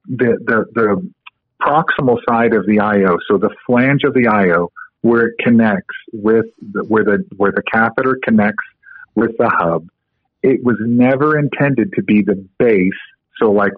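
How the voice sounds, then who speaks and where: A man's voice: fairly low pitch, no echo. A man guest on a podcast interview, casually explaining a medical technique with frequent fillers. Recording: tinny phone-line audio, dry.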